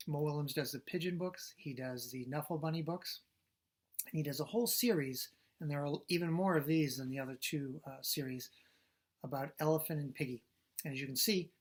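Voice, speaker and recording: A man who teaches preschool, talking gently to young children and explaining books with ums and uhs. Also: a little high. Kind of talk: reading aloud to young children.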